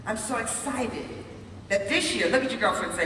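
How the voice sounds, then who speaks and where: A woman's voice: on the high side, normal speed. Exuberant middle-aged woman, motivational stage speech, distant, heavy arena echo, noisy room. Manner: exuberant, rhyming chant, repeats "so excited". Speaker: sales director speaking on stage. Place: large arena with audience. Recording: echoey arena from far off, loud crowd.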